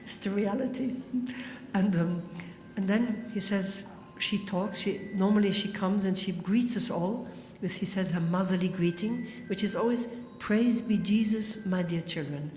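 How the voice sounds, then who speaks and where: A woman's voice: mid-range voice, normal speed, a little mellow, slight background noise. Woman telling her story in an echoey hall. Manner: earnest, storytelling, frequent quoting. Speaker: speaker giving a talk. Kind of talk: spoken religious testimony. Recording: echoey hall with long reverb.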